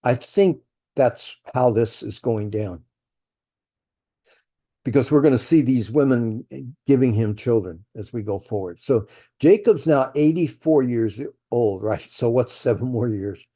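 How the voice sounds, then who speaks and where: A man's voice: medium pitch, lively intonation, unhurried, dark tone. A man teaching a verse-by-verse Bible study, thinking aloud with rhetorical questions and folksy asides.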